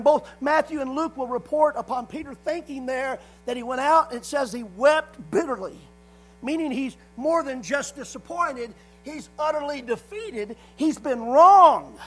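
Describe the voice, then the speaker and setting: A man's voice: extremely high pitch, rough recording. A man preaching a sermon, hammering points through repetition and punctuating them with frequent calls of "amen". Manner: repetitive emphatic phrasing, frequent "amen" call-outs.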